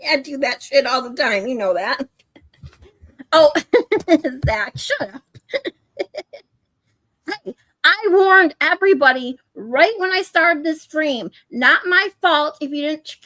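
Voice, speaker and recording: Woman streamer, casual and profane, slightly high voice, dry close sound. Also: pushed and bright, no echo. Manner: chatty, laughs often, swears freely. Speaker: livestream host.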